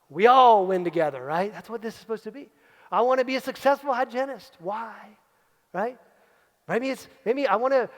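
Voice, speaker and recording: A man's voice: extremely high pitch, in a large hall. A man, a leadership coach, giving a motivational keynote talk, emphatic and repeating key phrases for effect. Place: large event hall at a live retreat.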